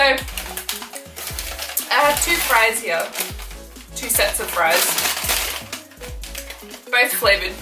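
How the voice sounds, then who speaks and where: A young woman with an Australian accent talks her way through a fast-food taste test, chatty and quick to giggle. Her voice is bright and forward. The room echoes, with the mic set back from her. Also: on the high side, distant mic. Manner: chatty, giggly, thinking aloud. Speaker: food vlogger. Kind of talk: casual food review vlog. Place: bedroom at home.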